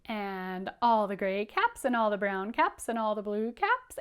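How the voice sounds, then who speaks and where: A woman teacher reading a picture book aloud to young children, animated and encouraging, inviting them to repeat lines. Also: mid-range voice, measured pace, hardly any pauses, clean tone. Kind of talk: children's story read-aloud lesson.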